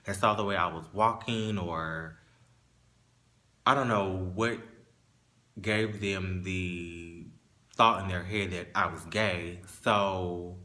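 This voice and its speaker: Low-voiced man holding back tears. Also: bright, forceful tone. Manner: halting, with restarts, emotional. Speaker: vlogger telling a personal story. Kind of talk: casual storytime monologue.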